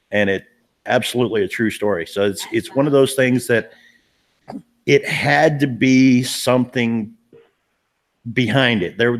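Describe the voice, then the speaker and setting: A man, a paranormal investigator, telling a story in a casual live-stream chat, earnest and emphatic, often repeating himself and restarting sentences. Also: medium pitch.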